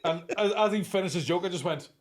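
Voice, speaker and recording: A man in casual podcast banter, his voice sitting a little high for a man. He tells stories in an animated way and swears freely, the way a stand-up comedian riffs with a friend. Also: quick pace.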